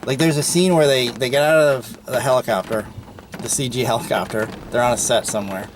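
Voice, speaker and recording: A man's voice: mid-range voice, brisk, a little hiss or hum. A man hosting a podcast, giving a casual, opinionated movie review with frequent ums and uhs. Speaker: podcast host.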